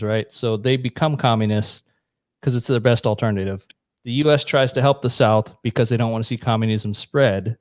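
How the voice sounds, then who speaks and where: A man's voice: medium pitch, no room sound, clean studio sound. Blunt, profane man explaining history. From United States. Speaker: podcast co-host. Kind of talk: casual chat.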